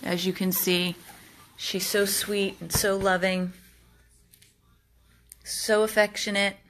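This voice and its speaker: A woman's voice: mid-range voice, level tone, slow, a bit bright. A woman, a dog rescue volunteer, earnestly pleading with viewers in a home video.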